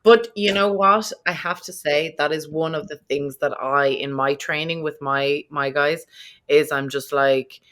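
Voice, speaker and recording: A woman hosting a podcast who works in funeral service, chatting in a lively way and often acting out her own past remarks as quotes. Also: sits low, unhurried. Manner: animated storyteller who quotes herself. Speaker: podcast host and funeral professional. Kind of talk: casual interview chat. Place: New York.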